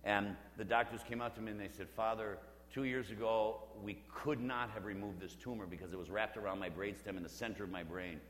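Priest preaching in an echoing church. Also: male voice, lowish voice, steady tone, a little fast, few pauses, slight background noise. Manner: conversational and humorous, dropping to a hush for emphasis. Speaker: Catholic priest leading a parish mission. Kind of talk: storytelling sermon. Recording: roomy church with long reverb.

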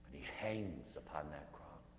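A man's voice: rumbling low, lively intonation. Man leading a meditation in an echoey hall. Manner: earnest, slows down and drops to a hush. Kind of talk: guided meditation sermon. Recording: echoey hall with faint hum.

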